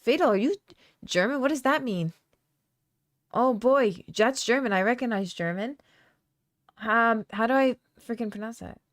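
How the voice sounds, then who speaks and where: A woman hosting a podcast live stream, chatting casually with her viewers and reading their comments aloud. She talks in a loose, playful way, with fillers and quick laughs. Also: a little high, expressive, no echo, studio quality. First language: Aramaic. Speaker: podcast host.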